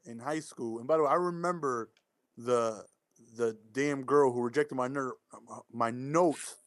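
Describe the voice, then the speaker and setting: A man's voice: medium pitch, unhurried, no echo, studio quality. A man in casual chat who rambles and interrupts himself while telling a story.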